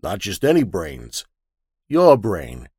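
A man's voice: low voice, huge pitch swings, slow, a little mellow, husky, dry recording, clean studio sound, heavily acted. A man voicing a brash, pushy male newspaper reporter who talks in slang, in a dramatic story reading.

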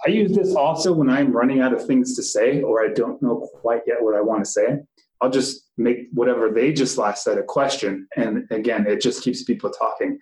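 A man's voice: mid-range voice, moderate pace, a little mellow, echoey room, low-quality recording. A middle-aged man who works as a police instructor, teaching a class in a conversational way with fillers and asides.

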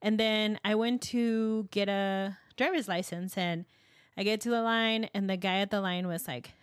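A woman co-hosting a podcast, telling a personal story in an animated, chatty way and laughing often. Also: mid-range voice, moderate pace, clear, resonant tone, no room sound, studio quality. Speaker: podcast co-host. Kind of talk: casual storytelling chat.

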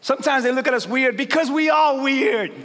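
Pastor, man, middle-aged, high voice, casual slangy preaching that swells into forceful emphasis, live church sermon. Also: brisk. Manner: conversational preaching with slangy asides, building to loud emphatic peaks. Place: large church hall with congregation. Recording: long hall reverb, crowd faintly behind.

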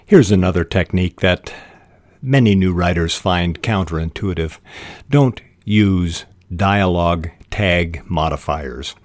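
A middle-aged man hosting a writing podcast, explaining fiction techniques in a measured way with short pauses. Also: sits low, dry recording, clean studio sound. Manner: measured, reads examples aloud with short pauses. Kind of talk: instructional talk on fiction writing.

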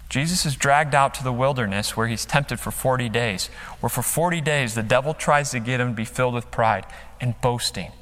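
A pastor preaches a sermon from a church stage, emphatic and acting out quotes with dramatic rises and drops. His voice is medium-pitched and a bit bright, at normal speed. A long hall reverb surrounds the sound.

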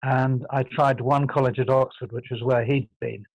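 A man's voice: medium pitch, steady tone, no room sound, lo-fi sound. An older man from England with a posh southern English accent, reflecting thoughtfully as an interview guest, often stopping to restart his sentences. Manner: thoughtful, halting, self-correcting.

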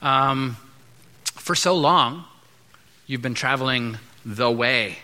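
A man preaching a sermon as pastor, conversational, acting out quick asides between points. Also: medium pitch, pushed and bright, slight background noise. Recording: long hall reverb.

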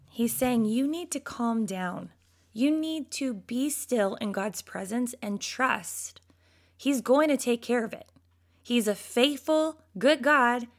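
A woman's voice: on the high side, creaky. A woman teaching a devotional Bible lesson, talking straight to her listeners and reading scripture aloud. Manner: lively, talks straight to listeners; reads scripture aloud, mocks complaints with put-on whiny voices.

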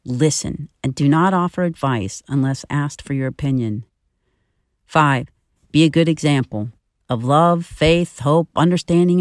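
A woman in her fifties giving a scripted, earnest and personal spiritual reflection in a measured way. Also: sits low, no echo, clean studio sound. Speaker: podcast reflection speaker.

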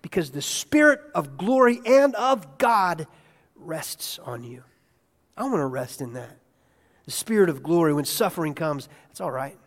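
Male pastor, sermon in a church, quiet then excited, quizzes the congregation, fairly high pitch, echoing hall. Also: a little slow. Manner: conversational, asks the congregation questions; swings from quiet and hushed to loud and excited. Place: church sanctuary. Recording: long hall reverb.

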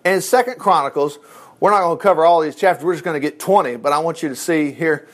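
A man teaching from the Bible in a casual, animated way, reading verses aloud and breaking in with his own asides. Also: on the high side, quick pace.

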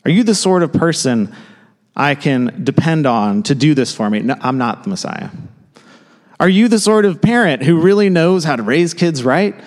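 A man preaching a sermon in a casual, conversational way, with quick asides and restarts. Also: a little high, lively intonation, long reverb tail. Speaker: pastor. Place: church sanctuary.

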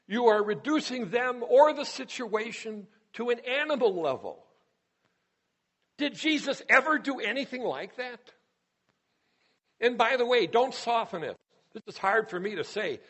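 Man preaching a sermon, high voice that swoops around a lot, emphatic with big pauses. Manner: emphatic, with dramatic pauses and hushed storytelling. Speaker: Christian speaker.

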